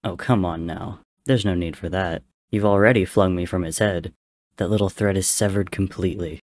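A man voicing a smirking, mocking male god who talks loudly and with exasperation. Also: low voice, lively intonation, moderate pace. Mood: taunting. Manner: taunting, exasperated.

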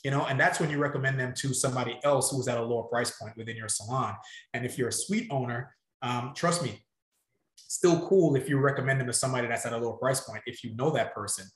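A man talks salon business in a casual podcast, blunt and insistent as he drives each point home. His voice sits at an ordinary middle pitch. The room around him rings with noticeable echo. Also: quick pace. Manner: emphatic, direct, pushes the listener.

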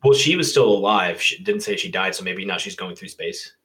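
A man's voice: low-pitched, brisk, bright, forceful tone, rough recording. A man casually reading a silly fan story aloud, stopping to joke and laugh. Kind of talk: casual comedic read-aloud.

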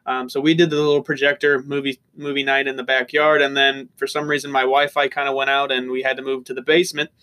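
Fast-talking profane man, sports chat. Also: medium pitch, little pitch movement, sharp tone. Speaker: co-host. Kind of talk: casual sports betting chat.

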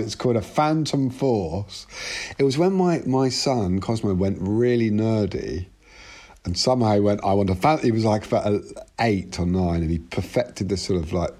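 A man's voice: fairly low pitch, dark tone, slightly rough. A man talking as an interview guest over a video call, rambling and self-interrupting, swearing freely.

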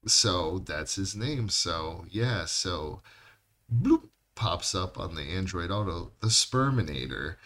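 A man co-hosting a podcast who jokes around, swears casually and chimes in quickly. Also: low voice, animated, pushed and bright. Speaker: podcast co-host. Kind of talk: casual storytelling chat.

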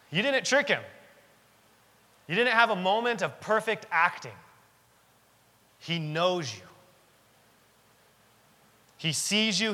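A man's voice: a little high, pushed and bright. A man in his thirties preaching a sermon as pastor, earnest and emphatic, with lots of repetition. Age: 30s. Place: church sanctuary. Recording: long reverb of a church hall.

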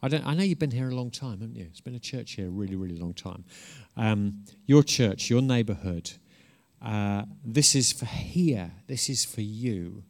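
A man's voice: fairly low pitch, expressive, normal speed, darkish tone. A man preaching a conversational sermon. He is informal and earnest, restarts often, and swells into emphatic bursts.

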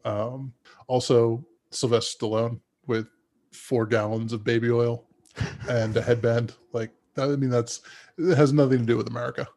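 A man's voice: mid-range voice, steady tone, moderate pace, darkish tone. A man casually discussing a film with friends on a podcast, rambling with frequent restarts. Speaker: podcast co-host.

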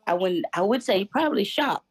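A woman's voice: mid-range voice, expressive, a little fast, breathy edge, dry recording, rough recording. A woman guest telling her faith testimony in a casual, earnest way, acting out the voices of people in her story.

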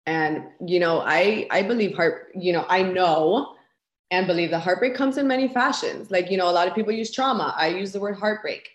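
A woman's voice: lowish voice, normal speed. A woman guest sharing candidly in conversation, raw and intense, swearing often as she talks about spirituality. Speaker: podcast guest. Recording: roomy echo.

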